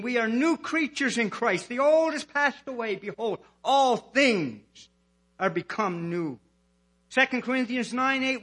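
High, husky, hollering preacher man. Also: sharp tone. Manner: hollering and impassioned, slowing to stress key words. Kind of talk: fervent sermon.

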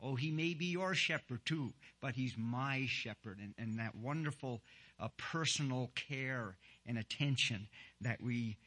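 A man preaching a sermon and leading prayer, halting and earnest, with many "uh" fillers and slow emphasis on key words. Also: medium pitch, bright, forceful tone. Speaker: pastor.

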